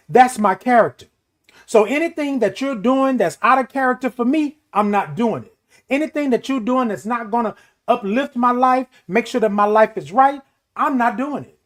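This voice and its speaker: A man's voice: very high-pitched, lively intonation, moderate pace. A middle-aged man hosting a morning show, giving a motivational talk in an emphatic, repetitive preaching cadence. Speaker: host.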